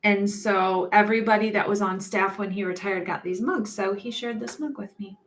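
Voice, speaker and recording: A woman's voice: mid-range voice, normal speed. Chatty laughing woman on a live stream. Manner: chatty and upbeat, laughs often between thoughts; rambling with frequent ums and restarts. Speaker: mortician hosting a live chat. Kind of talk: casual live-stream chat.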